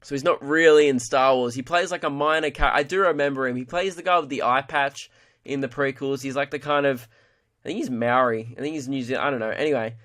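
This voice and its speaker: A man's voice: medium pitch, a bit bright. A young man hosting a comedy podcast, ranting in an exasperated, sweary monologue. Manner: exasperated, ranting, sweary, mimics people in quick voices.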